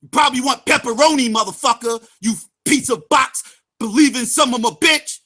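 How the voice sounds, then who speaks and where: A man hosts a livestream and rants heatedly at people who opposed him, often shouting and dropping into mocking sing-song taunts. His voice sits high and sounds hard-edged and forceful. He hammers his points home by repeating the same phrase again and again. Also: moderate pace. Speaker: livestream host. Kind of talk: angry profane rant.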